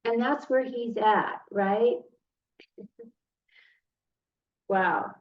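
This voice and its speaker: A woman's voice: medium pitch, fairly even intonation, a little slow. Earnest woman giving a tarot reading. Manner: earnest, emotional, speaks directly to the viewer. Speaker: tarot reader. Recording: roomy, distant, dull sound with faint noise.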